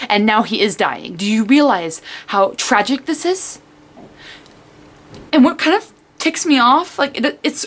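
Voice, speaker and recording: A young woman talks through a book she loved in a loose, casual vlog, her voice sitting a little high. She rambles and restarts, says "like" constantly, and acts out her own reactions as quoted asides. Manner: excitable, rambling, full of "like". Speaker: book reviewer.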